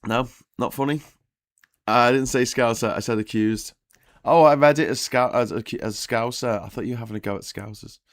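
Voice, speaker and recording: A man's voice: mid-range voice, normal speed, no room sound, clean studio sound. A hungover man hosting a casual morning live stream, telling jokes and rambling through the news with frequent restarts.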